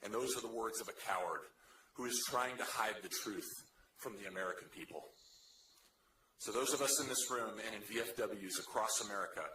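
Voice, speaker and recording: A man's voice: fairly low pitch, brisk. Man, veteran, rousing rally speech, echoey hall, noisy room. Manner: forceful, rousing oratory. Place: large room with a crowd.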